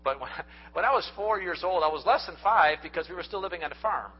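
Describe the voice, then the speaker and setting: Speaking fast in a high, expressive, slightly rough voice, a pastor preaches his sermon with earnest directness. He weaves in folksy stories, and the audio is dull and lo-fi.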